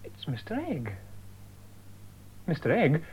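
A man playing a shaken lively young man. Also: a little high, full character voice. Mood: tense. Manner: clear, slow learner-friendly delivery. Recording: dull lo-fi tape recording.

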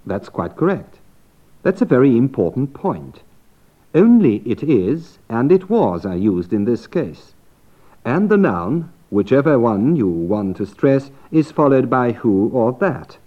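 A man presenting a scripted English lesson, measured and explanatory, on a dull lo-fi old recording. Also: mid-range voice, big pitch swings. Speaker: English teacher.

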